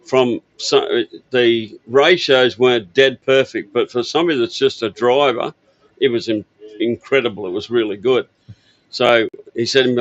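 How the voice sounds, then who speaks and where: A man's voice: medium pitch, normal speed, dull audio. An older man from Australia telling stories about his parts business in a rambling, easygoing way with lots of fillers. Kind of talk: casual interview storytelling. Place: outdoor expo stand.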